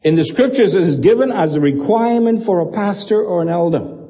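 Emphatic preacher with lively high voice. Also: male voice, a little fast, in a large hall, dull audio. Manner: emphatic preaching with repetition and rhetorical questions. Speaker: pastor. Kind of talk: sermon.

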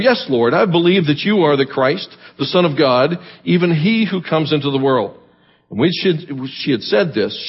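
A Southern American man preaching a sermon, reading scripture and then unpacking it in a measured, earnest way. His voice has a husky, breathy edge. The recording is dull and lo-fi. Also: a little high. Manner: reads verses then explains them plainly, measured and earnest. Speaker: guest preacher.

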